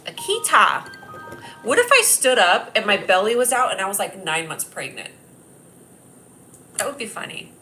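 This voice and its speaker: Loud, giggly woman rambling on a livestream. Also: mid-range voice, wildly swooping pitch, moderate pace, pauses often, rough recording. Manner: loud, at times yelling; giggly and scattered. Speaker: comedian hosting a livestream. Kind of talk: rambling casual livestream chat. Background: piano playing.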